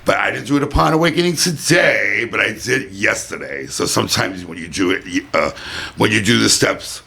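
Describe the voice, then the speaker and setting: Gravelly, husky-voiced chatty man. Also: lowish voice, lively intonation, brisk, pushed and bright. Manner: chatty, rambling, repeats "basically" and "you know". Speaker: podcast host. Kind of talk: casual chat. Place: white-furnished room at home.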